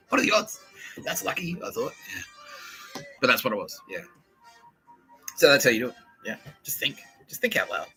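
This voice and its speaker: At a moderate pace and medium pitch, with long pauses, an Australian man tells a comedy story on his podcast. He's animated and profane, voicing the people in it. Faint music sits behind the low-quality recording.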